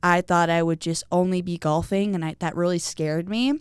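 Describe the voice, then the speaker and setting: A young woman speaks in a pitch a little lower than most women's. Her voice is very smooth and clean. The recording is dry and close. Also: normal speed, no room sound. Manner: animated, acts out quoted voices, frequent "like". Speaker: guest. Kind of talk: casual conversational storytelling.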